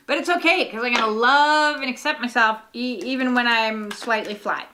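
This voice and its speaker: A woman's voice: fairly high pitch, normal speed, sharp tone, slight background noise. A woman giving a casual, rambling oracle card reading, full of fillers and the odd swear word.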